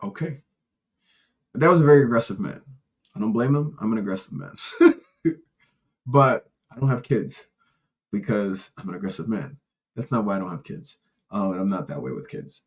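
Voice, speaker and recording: Male podcast host, lowish voice, rambling candid monologue, casual swearing. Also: animated, moderate pace, pauses often. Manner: rambling, candid storytelling with frequent restarts; uses profanity casually.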